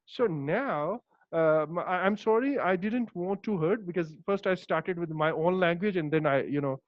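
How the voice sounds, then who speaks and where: Teaching English online, this Pakistani-accented man, a native Urdu speaker, hesitates often, uses many fillers and leans on key words. He speaks in a high voice at normal speed. The recording is dry, dull lo-fi call audio.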